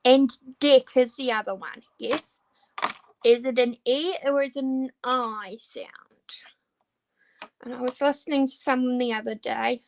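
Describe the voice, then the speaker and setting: While working on a diamond painting, a woman talks casually with her viewers, answering them hesitantly with lots of ums and restarts. She has a high, creaky voice, a steady tone, a slightly slow pace, and frequent pauses. Slight background noise can be heard.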